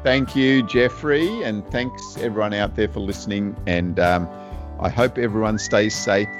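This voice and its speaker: A man's voice: lowish voice, normal speed, over music. A man with an Australian accent, co-hosting a podcast in casual chat, thinking aloud with lots of laughs and restarts. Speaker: podcast co-host. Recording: dull lo-fi sound.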